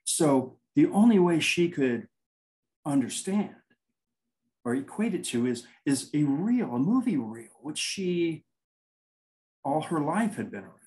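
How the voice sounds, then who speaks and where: A man's voice: a little high, unhurried, pauses often, low-quality recording. Rambling man telling ghost stories. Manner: rambling, animated anecdotes with quoted dialogue. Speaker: paranormal investigator guest. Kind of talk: casual interview storytelling.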